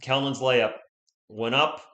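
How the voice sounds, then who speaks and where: Guy, bright tone, fan play-by-play caller, erupts into shouts on big plays, voice going hoarse. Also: mid-range voice, slow, dull audio. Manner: excitable, swings from calm calls to shouting at big plays. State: losing his voice. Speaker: livestream play-by-play host.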